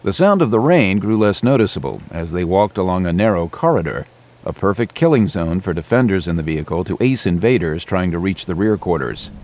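A man reading an adventure audiobook in a steady, measured way. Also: sits low, slight background noise. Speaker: narrator. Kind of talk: audiobook narration.

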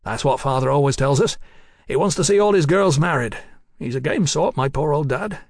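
A man's voice: fairly high pitch, lively intonation, fairly quick, a little mellow, no room sound, studio quality. A man doing a wry, skeptical scientist.

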